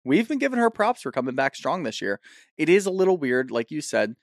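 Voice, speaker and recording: A man in a chatty podcast recap whose voice has a gravelly edge and moves up and down a lot as he riffs on theories. The sound is dry and close. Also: on the high side, big pitch swings, no room sound. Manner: chatty, theorizing, quick to riff. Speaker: podcast co-host. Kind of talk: casual recap chat.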